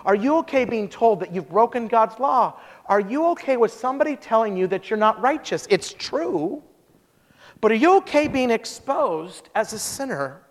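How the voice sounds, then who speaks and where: Emphatic male preacher with a very high voice, telling stories; church sanctuary with long reverb. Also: very animated, normal speed. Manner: emphatic, rhetorical questions, vivid anecdotes. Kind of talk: sermon.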